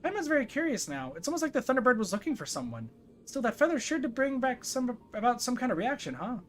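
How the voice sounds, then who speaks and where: A streamer voicing a tiny, excitable female companion who talks about herself in the third person, in a high, chirpy voice over faint game music. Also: fast, a little hiss or hum. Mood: curious. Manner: refers to self in third person.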